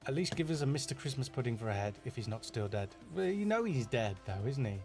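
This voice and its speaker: A man's voice: medium pitch, lively intonation, quick pace, darkish tone. Man, Yorkshire accent, middle-aged, casual live Q&A, rambling and self-deprecating, faint background music. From Yorkshire, England. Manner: chatty and self-deprecating, many fillers and restarts. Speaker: animator answering viewer questions.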